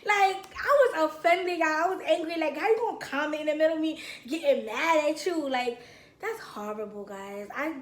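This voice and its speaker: A young woman tells a casual story straight to her viewers. Her voice sits high and jumps into both sides of the argument as she acts them out. The room around her rings with echo. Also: normal speed. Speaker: vlogger.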